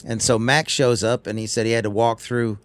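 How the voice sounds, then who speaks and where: A man, a guest telling lively stories in casual chat on a tour bus. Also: mid-range voice, normal speed. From North Carolina. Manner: animated storyteller.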